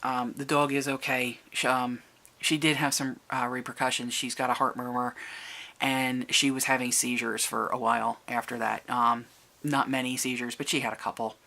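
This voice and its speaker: A vlogger telling a personal family story to the camera, halting and restarting, and lifting the voice to act out quoted people. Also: medium pitch, level tone, creaky, bright, forceful tone. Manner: recounts events, raising the voice for quoted people.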